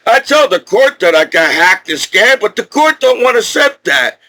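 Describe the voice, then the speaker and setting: A man's voice: high-pitched, sing-song, moderate pace, bright, forceful tone, low-quality recording. A middle-aged male military veteran from New Jersey, ranting angrily and profanely to camera and repeating himself. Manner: agitated, profane, repetitive. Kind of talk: angry rant to camera.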